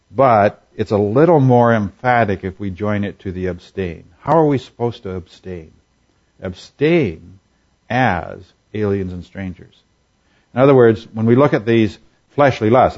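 Male Bible teacher, sermon delivery, measured and explanatory, slightly low voice, dull recording. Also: a little mellow. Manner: measured, explanatory, with frequent fillers and restarts.

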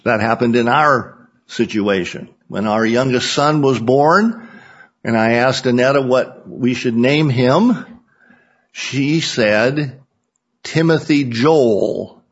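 Middle-aged Sunday school teacher, folksy jokester, slow delivery on a muffled recording. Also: male voice, mid-range voice, fairly bright tone, husky. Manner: folksy, joking, unhurried. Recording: dull lo-fi recording.

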